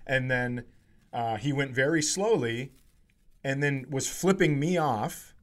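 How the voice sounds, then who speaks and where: A man in his forties, a comedian telling a story in casual chat, swearing and getting animated as he acts out a heated argument. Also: medium pitch, slow pace. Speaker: comedian podcast co-host.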